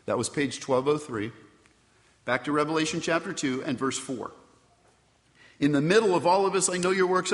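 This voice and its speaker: A man's voice: on the high side, a bit bright. A man preaching a sermon as pastor, reading scripture and asking the congregation rhetorical questions in a conversational way. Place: church sanctuary. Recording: long hall reverb.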